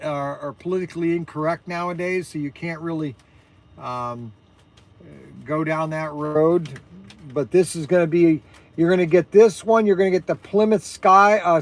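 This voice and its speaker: A man hosting a casual livestream about his shop's products, talking energetically and rambling with many fillers and restarts. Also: high voice. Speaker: host and shop owner.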